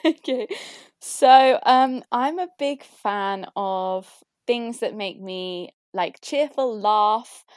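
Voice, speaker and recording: A woman's voice: medium pitch, drawn-out words, smooth, no room sound. Chirpy young posh southern English woman. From southern England. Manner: chirpy, lively, laughs often. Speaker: guest sharing favourite songs. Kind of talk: casual chat.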